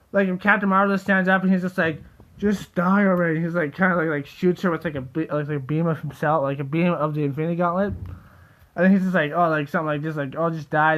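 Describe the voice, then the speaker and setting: A young man rambling excitedly in a casual solo video, full of fillers and restarts. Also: a little high, dull audio. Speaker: theory video host.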